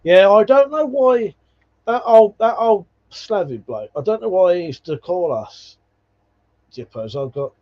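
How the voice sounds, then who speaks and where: A man's voice: sits high, animated, a little slow. A man hosting a casual livestream, chatting with viewers and telling rambling stories full of swearing and laughs. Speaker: livestream host. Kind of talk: casual livestream chat reading viewer comments. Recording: dull lo-fi stream audio.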